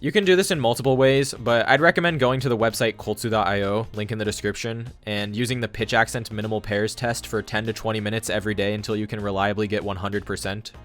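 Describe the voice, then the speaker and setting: A man's voice: on the low side, fairly even intonation, quick pace, few pauses, fairly bright tone, soft background music. A man giving a scripted explainer monologue on language learning, matter-of-fact and confident.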